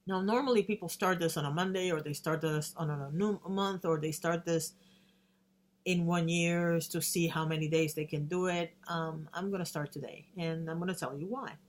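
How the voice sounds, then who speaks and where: Earnest low-voiced woman in her fifties. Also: fairly even intonation, normal speed. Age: 50s. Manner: earnest, with restarts, emotional at times. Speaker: vlogger. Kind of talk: personal vlog talk to camera.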